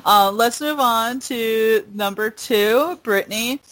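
A young adult woman co-hosting a podcast in casual chat, blunt and quick, swearing casually. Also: a little high, fairly bright tone, dry recording, low-quality recording. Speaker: podcast co-host.

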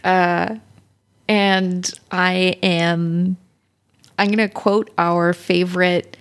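Brief: woman co-host, slightly low voice, playful and giggly, narrating her turns in a role-play game. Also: flat delivery, extremely slow, smooth. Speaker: co-host and player.

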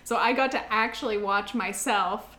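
A woman co-hosting a casual couple's podcast who laughs often and swears casually; her voice turns shrill when she stresses a point. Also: moderate pace, sharp tone. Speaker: podcast co-host. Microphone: studio microphone.

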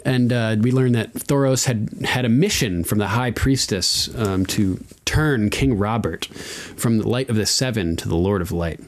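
A man casually recapping a TV episode on a podcast, with loose, profane asides, laughs, and quick acted-out quotes. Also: fairly low pitch. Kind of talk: casual chat.

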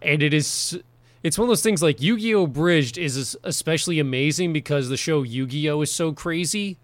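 A man's voice: a little high, moderate pace, no echo. Rambling man in casual podcast chat. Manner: rambling, filler-heavy, laughs often. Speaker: podcast co-host.

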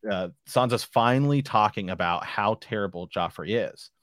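A man's voice: lowish voice, moderate pace, fairly bright tone, no echo, clean studio sound. A man hosting a podcast, chatting casually and reading book passages aloud, rambling with lots of filler phrases. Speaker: podcast host.

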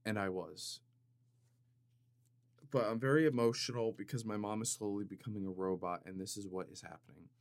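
A man's voice: on the low side, fairly quick, no room sound. Rambling jokey man on a dry mic. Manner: rambling, self-interrupting, jokey and dramatic. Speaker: podcast host. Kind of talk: casual comedic monologue. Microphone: studio microphone with compressor.

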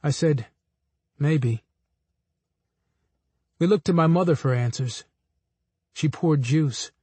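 A man reading a memoir aloud in a steady, measured storytelling voice. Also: a little high, husky, no room sound. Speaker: narrator. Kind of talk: audiobook memoir narration.

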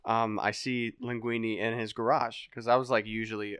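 A young man telling a story in a casual podcast chat, animated and swearing, acting out other people's voices. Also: lowish voice, normal speed, smooth, no echo, clean studio sound. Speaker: podcast guest.

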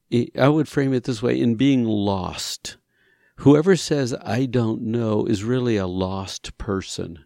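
A counselor who leads men's retreats speaks on a talk show in a mid-range voice with vocal fry, captured in studio quality without room sound. His teaching is conversational and animated: he acts out small conversations, his emphasis climbs and he repeats key phrases.

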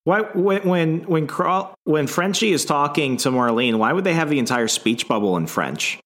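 A man co-hosting a casual podcast, halting and repeating words, self-mocking. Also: a little high, animated, a bit bright. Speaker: podcast co-host. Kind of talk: casual chat.

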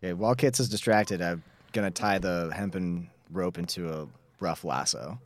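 A man's voice: low-pitched, normal speed. A man playing a tabletop game, laid-back and joking. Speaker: player. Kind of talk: tabletop role-play.

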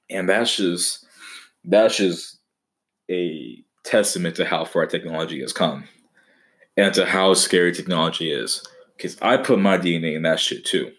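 A young man with a deep, low voice hosts a laid-back comedy podcast, delivering a monologue. He swears freely, cracks jokes, and now and then erupts into mock-dramatic outbursts.

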